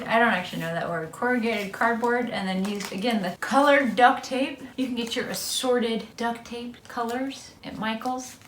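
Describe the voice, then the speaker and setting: A woman's voice: a little high, a bit bright, slight background noise. A woman chatting casually in a do-it-yourself craft vlog at home, rambling and joking at herself with little laughs. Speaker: vlogger.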